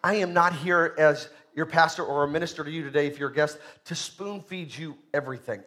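A man, a pastor, preaching a sermon in a church, emphatic and rising loud on key points. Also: on the high side.

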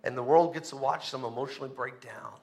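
A man's voice: medium pitch, fast, gravelly, darkish tone. A male pastor preaching a sermon, with emphatic repetition and call-and-response to the congregation.

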